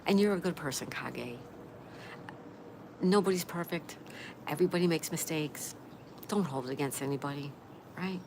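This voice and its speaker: A woman's voice: deep voice, normal speed, long pauses, background noise. Chatty woman reading live chat. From Florida. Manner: chatty, reads out viewer names and messages. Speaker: livestream host. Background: rain ambience.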